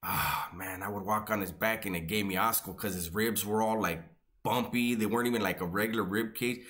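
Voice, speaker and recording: Talking a little fast, a man jokes and swears his way through easygoing tales of his prison days. His pitch sits fairly low, with a somewhat bright tone.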